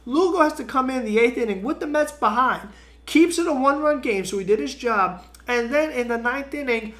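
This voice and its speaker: A man's voice: extremely high pitch, lively intonation, a little fast, a bit bright. A man hosting a sports podcast, ranting in a sarcastic, exasperated and emphatic way about his team. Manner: opinionated, emphatic. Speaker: podcast host.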